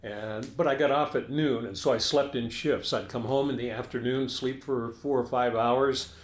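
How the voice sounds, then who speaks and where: An older man in his sixties trades wry, self-deprecating stories as a talk show co-host. His voice sits at an ordinary middle pitch and carries a noticeable room echo. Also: fairly even intonation, moderate pace. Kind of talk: casual chat.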